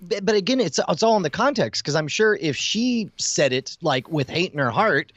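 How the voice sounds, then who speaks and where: A man's voice: sits high, expressive, moderate pace, fairly bright tone, no room sound, dull audio. Guy guesting on a podcast, bouncy up and down voice, dry close mic. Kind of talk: casual podcast chat.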